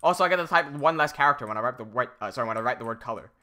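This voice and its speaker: A man's voice: mid-range voice, expressive, very fast, bright, forceful tone. A young man from Hong Kong with an American English accent, chatting casually on a livestream while reading out viewer comments. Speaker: streamer.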